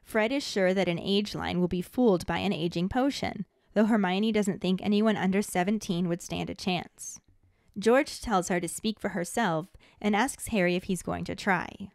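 A woman's voice: mid-range voice, normal speed, creaky, no echo. Woman narrating a dry, close book recap. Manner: steady, even storytelling recap. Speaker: podcast host.

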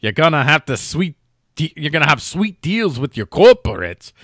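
A man's voice: fairly high pitch, very animated, dark tone, dry recording, studio quality, full character voice. A man putting on a snooty, pompous mock-British voice to read out an official statement. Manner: pompous, drawn-out reading.

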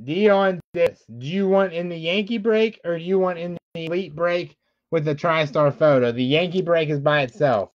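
A man's voice: a little high, normal speed. Man running a live card-break stream. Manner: rattles off player names while explaining rules to viewers. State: frustrated. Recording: dull lo-fi dry sound.

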